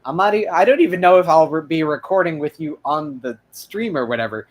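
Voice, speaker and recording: High-voiced young man rambling casually. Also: fairly quick. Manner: rambling, full of restarts and fillers. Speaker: channel host. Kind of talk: casual outro chat.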